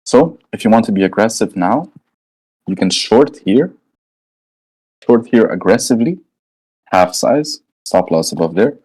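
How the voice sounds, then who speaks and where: A man's voice: lowish voice, expressive, a little slow, long pauses, darkish tone, breathy edge, low-quality recording. A man walking through trading charts live in a casual, slangy way, thinking aloud and often checking in with "right?". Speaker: trading educator.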